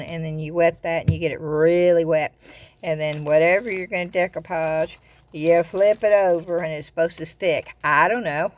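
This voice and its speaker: An older woman with a Southern US accent, chatting casually in a craft vlog. She rambles and often repeats her words as she goes. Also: lowish voice. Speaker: craft vlogger. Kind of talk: casual chat.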